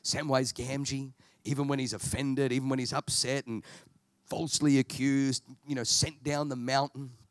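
A man from Australia preaching a sermon at a church service, in an animated storytelling style with humor. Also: mid-range voice, normal speed, no echo.

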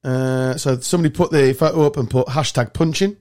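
A man hosting a casual podcast, telling sweary, animated stories. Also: medium pitch, brisk. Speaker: podcast host. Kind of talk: casual chat.

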